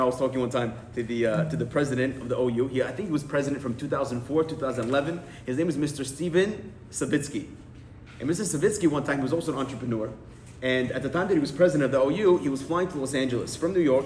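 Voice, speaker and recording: A rabbi tells stories to a gathering of men, slipping into the voices of his characters as he goes. His voice sits a little high, and the room around him rings with echo over a faint hiss. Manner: animated storyteller, acting out the people in his stories. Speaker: rabbi giving a talk. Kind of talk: storytelling talk. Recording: echoey room with faint noise.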